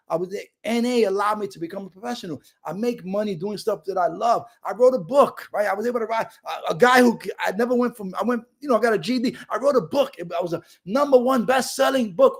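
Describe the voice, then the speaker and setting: A middle-aged man from Brooklyn gives an animated, streetwise recovery testimony over a video call. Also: sits high, brisk. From Brooklyn, New York. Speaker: recovery speaker.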